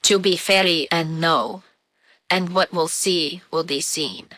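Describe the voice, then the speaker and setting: A woman voicing a comic character who speaks in halting, jumbled broken English, making a comic update announcement. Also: low-pitched, sharp tone, no echo, full character voice. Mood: earnest. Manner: halting, jumbled phrasing with many "uh"s.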